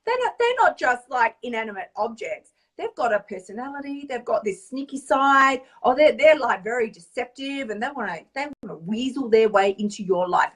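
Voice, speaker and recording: Chatty animated woman coach. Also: fairly high pitch, slightly rough, recorded from a distance. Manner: animated, chatty storyteller, tag questions. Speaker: weight-loss coach. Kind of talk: casual vlog monologue.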